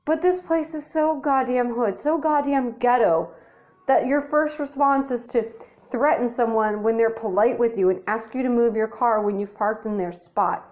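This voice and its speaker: A young woman with a high-pitched voice vents in a furious vlog rant, swearing freely and talking bluntly. She sounds exasperated throughout. She records herself indoors at home on a handheld phone. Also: normal speed, darkish tone. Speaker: vlogger. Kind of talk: angry rant to camera. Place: her apartment indoors.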